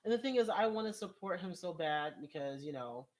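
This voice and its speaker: A man's voice: sits high, expressive, a little fast. Exasperated rambling man vlogger. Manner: exasperated, rambling, laughs often, voice rises when worked up. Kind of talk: casual commentary, reading viewer comments.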